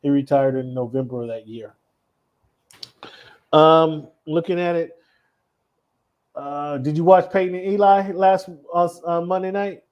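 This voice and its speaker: A man co-hosting a casual sports talk show, telling stories with frequent laughter and lively asides. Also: fairly high pitch, a little slow, pauses often, highs cut off. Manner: animated storyteller, laughs often. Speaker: podcast co-host.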